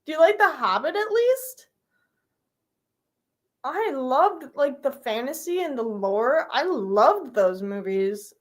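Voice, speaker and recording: A woman's voice: high-pitched, big pitch swings, takes it slowly. A young woman streaming live, chatting casually with her viewers, giggly and full of fillers.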